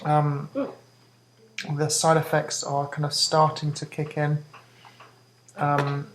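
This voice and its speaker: A woman's voice: deep voice, little pitch movement, slight background noise, low-quality recording. A woman hiccuping as she talks to camera in a hesitant vlog update, with many ums and restarts. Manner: talks fast. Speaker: vlogger giving a health update. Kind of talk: casual talk to camera.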